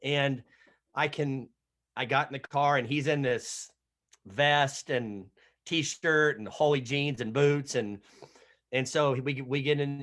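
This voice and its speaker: A man's voice: mid-range voice, fairly bright tone. Stuttering middle-aged man telling a story. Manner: stutters, with repeated starts; casual storytelling, acts out what others said. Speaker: head softball coach. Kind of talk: media availability, telling a story.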